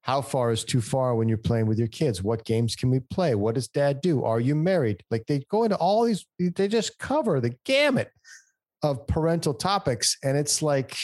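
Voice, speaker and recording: A man's voice: mid-range voice, animated, normal speed, darkish tone, no room sound. Enthusiastic American man, dry podcast mic. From United States. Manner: enthusiastic, swears freely. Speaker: podcast co-host. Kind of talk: casual podcast chat.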